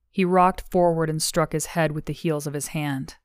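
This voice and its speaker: A woman reads a novel aloud in measured, steady narration. Her voice sits low and smooth, and the sound is dry and close to the mic. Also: dry recording. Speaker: audiobook narrator. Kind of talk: scripted audiobook narration.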